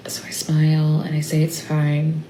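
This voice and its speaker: A tearful woman recording a personal video diary, talking haltingly and trailing off into near-whispers. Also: deep voice, completely flat delivery, dark tone, reverberant, a little hiss or hum, low-quality recording. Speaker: mother vlogging about family illness. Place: stepped away from her workplace. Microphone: phone.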